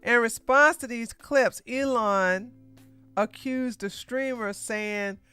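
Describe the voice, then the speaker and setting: A woman's voice: a little high, takes it slowly, sharp tone, clear, resonant tone, faint music behind. A woman hosting a political news livestream, blunt and sarcastic, talking straight to her chat. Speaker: podcast host.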